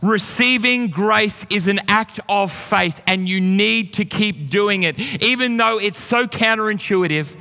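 Bright high-voiced pastor preaching. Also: male voice, a little slow, gravelly, few pauses. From Australia. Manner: storytelling, earnest and encouraging. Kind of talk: sermon. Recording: long hall reverb.

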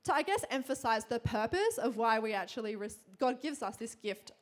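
A young woman giving a sermon to a congregation, telling a personal story in a chatty, quick way with lots of fillers and frequent laughter. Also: on the high side, lively intonation. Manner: chatty, fast, laughing often, many fillers. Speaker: church speaker.

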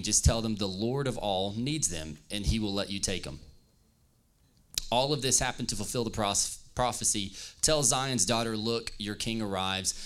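A man's voice: lowish voice, fairly bright tone. A man preaching as pastor, reading scripture aloud and joking playfully with his audience. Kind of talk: lively youth-service sermon with scripture reading.

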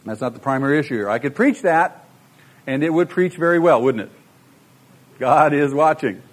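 A man's voice: a little high, animated, fast. A middle-aged man preaching a sermon, emphatic and full of rhetorical questions to the congregation. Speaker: pastor.

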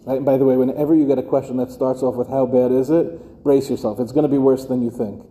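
A man's voice: mid-range voice, little pitch movement, quick pace, warm tone, big-room sound. A middle-aged man, a rabbi teaching a class of educators, who talks conversationally and keeps asking his listeners rhetorical questions. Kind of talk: lecture to a live class.

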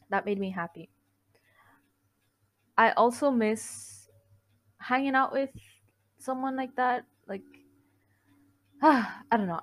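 A young woman at an ordinary pitch talks straight to her listeners in a casual confessional monologue. She rambles, cuts herself off mid-thought and giggles between lines, candid and heartfelt. She sounds like a podcast host chatting on her own show. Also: a bit bright. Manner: rambling, self-interrupting, giggly.

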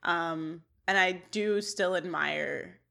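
A woman's voice: on the low side, slow, gravelly, bright, forceful tone. A woman co-hosting a podcast, chatting casually and reading out scene-by-scene recaps of a sitcom episode. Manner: chatty, reads scene recaps with quoted lines. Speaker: podcast co-host.

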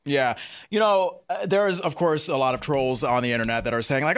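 A man's voice: fairly high pitch, brisk, fairly bright tone, smooth, faint music behind. A man hosting a casual celebrity gossip chat, teasing his co-host in a playful, hesitant way. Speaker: podcast host.

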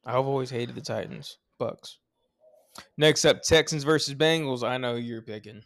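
A man's voice: mid-range voice, moderate pace, creaky, a bit bright, dry recording. A man co-hosting a sports podcast, bantering casually with joking, profane picks. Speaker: podcast co-host.

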